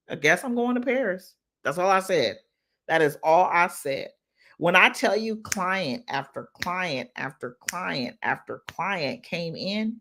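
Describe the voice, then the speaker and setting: A woman's voice: fairly low pitch, bright, forceful tone. A woman coach talking casually to her followers on a live stream. She is emphatic and heartfelt and repeats phrases for effect. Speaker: business mindset coach.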